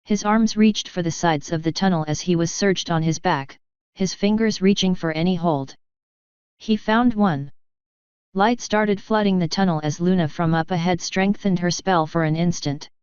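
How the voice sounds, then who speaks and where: A woman reading a fanfiction story aloud in a measured, dramatic narration. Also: fairly low pitch, darkish tone, smooth, no echo. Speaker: fanfiction reader. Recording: slightly dull lo-fi recording.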